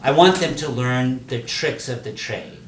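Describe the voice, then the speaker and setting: An older man, a poet and teacher, talking casually in an animated, profane way and laughing often. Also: medium pitch, a little slow, far from the mic. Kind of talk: casual conversation. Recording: echoey room, off-mic, faint noise.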